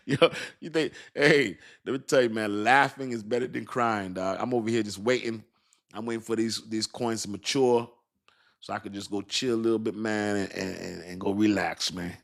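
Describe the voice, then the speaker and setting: A middle-aged American man hosting a casual crypto livestream, chatting with viewers in relaxed slang and laughing often. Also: lowish voice, moderate pace, creaky. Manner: laid-back slangy talk, frequent laughs.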